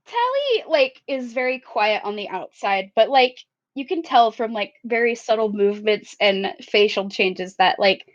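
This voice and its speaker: A woman playing a tabletop role-playing game, thoughtfully describing her character. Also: on the high side. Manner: thoughtful, filler-heavy. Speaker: player. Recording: lo-fi recording.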